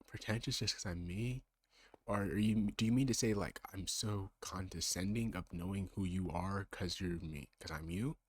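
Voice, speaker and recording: A man's voice: low-pitched, fairly even intonation, normal speed, few pauses, no echo. A man in his twenties doing casual gaming commentary, rambling and sarcastic as he bickers back and forth with himself. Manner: bickers with himself in two alternating sides. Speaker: let's play creator.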